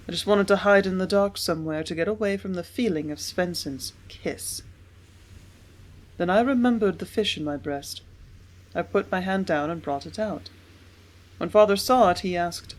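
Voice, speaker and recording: A woman narrating an audiobook in a measured, steady reading voice. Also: lowish voice. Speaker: audiobook reader.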